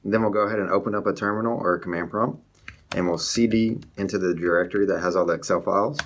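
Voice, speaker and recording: A young man hosting a coding tutorial, explaining each step of a script in a steady walkthrough over his screen. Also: low voice, quick pace, slight background noise.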